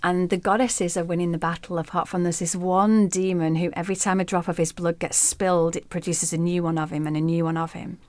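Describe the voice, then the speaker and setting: Female guest storyteller, lower voice, expressive and vivid; dry recording. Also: fairly quick, few pauses, dry recording. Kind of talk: storytelling in an interview.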